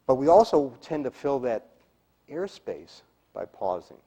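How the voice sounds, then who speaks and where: Leading a live seminar on speaking skills, this middle-aged coach talks fairly quickly in a mellow, mid-range, sing-song voice. He demonstrates delivery with emphasis and now and then lowers his voice to a whisper for effect.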